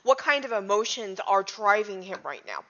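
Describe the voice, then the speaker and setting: A woman's voice: medium pitch, big pitch swings, normal speed, bright, forceful tone. A woman playing a tabletop game, describing her character's actions in detail. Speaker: player. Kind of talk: casual tabletop play. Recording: dull lo-fi audio.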